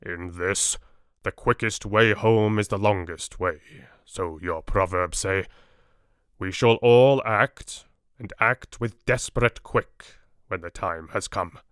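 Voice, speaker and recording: A man's voice: on the low side, fairly bright tone, clear, resonant tone, no echo, studio quality. A man voicing a grave old Dutch professor. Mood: urging. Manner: broken, foreign-sounding English phrasing, grave and measured. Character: elderly Dutch male professor, earnest, wise and patient. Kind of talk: audiobook character reading.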